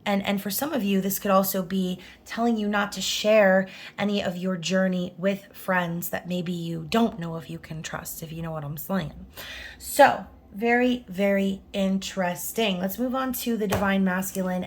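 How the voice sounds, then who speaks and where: Chatty woman giving a tarot reading. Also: medium pitch. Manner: chatty, reassuring, many fillers and "okay?" check-ins. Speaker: tarot reader. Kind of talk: casual tarot reading to camera.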